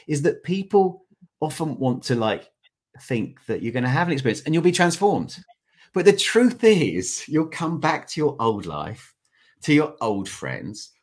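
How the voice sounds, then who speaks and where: A man with a low, slightly husky voice, speaking as a podcast guest. His pitch rises and falls widely as he tells stories, often breaking into laughter. The tone stays loose and conversational. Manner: animated storyteller, laughs often. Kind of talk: conversational interview.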